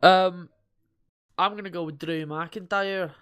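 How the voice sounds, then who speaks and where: A man's voice: high voice, steady tone, slow pace, fairly bright tone, clear, resonant tone. A young man co-hosting a podcast, chatting casually, joking and swearing as he reads through lists. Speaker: podcast co-host. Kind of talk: casual chat.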